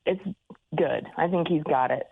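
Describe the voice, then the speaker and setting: A woman calling in to a radio show, chatting in a relaxed, casual way. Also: deep voice, moderate pace, vocal fry. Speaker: caller. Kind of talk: phone-in chat. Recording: tinny phone line with faint hiss.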